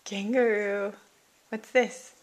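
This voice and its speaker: Slow, patient mother coaxing a toddler. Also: medium pitch, fairly even intonation. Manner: patient, coaxing, repeats questions and names each animal. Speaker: parent teaching a toddler sign language. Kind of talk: home video, quizzing a small child. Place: at home. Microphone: handheld camcorder.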